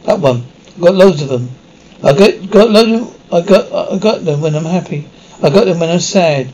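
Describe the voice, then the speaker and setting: A man's voice: a little high, normal speed, darkish tone, lo-fi sound, lightly acted. An actor playing a rambling, childlike male prisoner who shows off his tattoos and keeps stumbling over his words. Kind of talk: mockumentary comedy acting.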